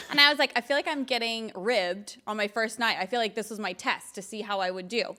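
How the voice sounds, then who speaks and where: A woman in her thirties, a guest in a casual interview, telling animated stories with lots of laughter and acted-out quotes. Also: on the high side, brisk, hardly any pauses, background noise. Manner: giggly, animated, quotes others in voices.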